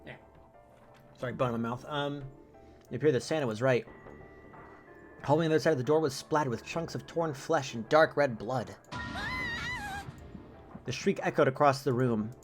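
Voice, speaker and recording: A man's voice: medium pitch, moderate pace, pauses often, soft background music. A man streamer reading a visual novel aloud, breaking in with casual joking asides.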